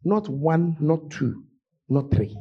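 A man preaching a sermon in a church, voice hoarse, swinging from shouts to low murmurs. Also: lively intonation, takes it slowly, muffled recording. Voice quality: husky. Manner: emotional, shouting preaching with sudden drops to low tones. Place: church sanctuary.

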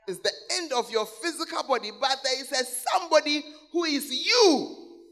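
A man preaching a sermon to a church congregation, calling out to the people in the seats and repeating key words, swinging between loud exclamations and low asides. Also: lively intonation, normal speed. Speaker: pastor. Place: large church hall.

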